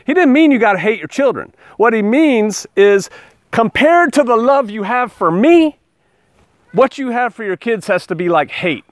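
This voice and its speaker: A man's voice: very high-pitched, expressive, normal speed, dry recording, clean studio sound. A male pastor preaching a conversational sermon, acting out scripture quotes in different voices.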